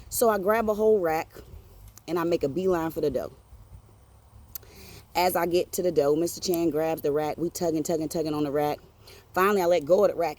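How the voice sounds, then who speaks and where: Animated, profane woman storyteller. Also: fairly low pitch. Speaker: podcast host. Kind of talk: personal storytelling.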